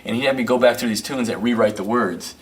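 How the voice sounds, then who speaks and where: A man, a musician and record producer, telling loose, animated stories as an interview guest, peppering them with "you know" and "man". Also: mid-range voice, quick pace, far from the mic. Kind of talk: casual interview storytelling.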